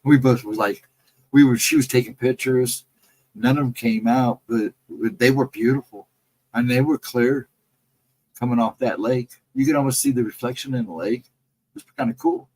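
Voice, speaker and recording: This livestream host has an animated, medium-pitched voice with a darkish tone, talking at normal speed over a rough recording. Late at night, he spins rambling folksy tales full of restarts and reads and answers his chat's comments.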